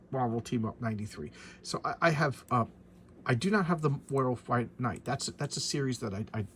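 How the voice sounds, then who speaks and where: Man, middle-aged, casual chat, rambling, repeats words, middle pitch. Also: slight background noise. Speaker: comic book collector vlogger.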